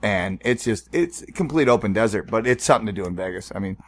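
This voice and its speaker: A man co-hosting a podcast in loose, casual chat. His pitch swings widely as he tells a story. He swears freely and acts out the people in it. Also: animated, quick pace. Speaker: podcast co-host.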